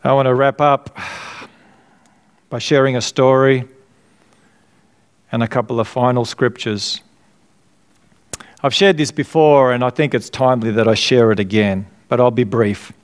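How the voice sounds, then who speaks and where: In a clean, mid-range voice, a middle-aged pastor delivers his sermon at a measured pace with frequent pauses. He stays earnest and conversational, regularly inviting the congregation to supply the missing words of his questions.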